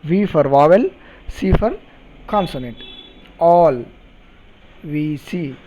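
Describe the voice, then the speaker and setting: A man teaching a phonetics lesson, repeating words and spelling them out deliberately, and checking understanding with questions. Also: fairly high pitch, expressive, mellow, low-quality recording. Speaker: English teacher. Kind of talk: recorded phonetics lecture.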